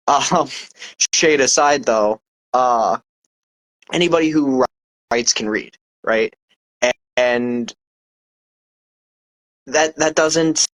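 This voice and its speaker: A man's voice: mid-range voice, no room sound, poor audio. A man, a poet guest, explaining his craft in casual interview chat, confident and emphatic, often checking in with "right?".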